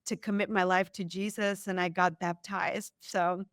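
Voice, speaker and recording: A woman's voice: fairly low pitch, moderate pace, no room sound. Lady guest telling her story on a podcast, acts out the quotes, dry mic. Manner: animated, acts out quoted lines. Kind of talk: storytelling in an interview.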